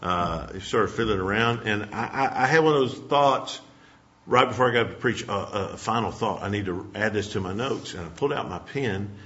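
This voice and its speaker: A man's voice: on the low side, fairly bright tone, a little hiss or hum. A man preaching a sermon, telling a folksy personal story and closing in prayer. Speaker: pastor. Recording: dull lo-fi sermon recording.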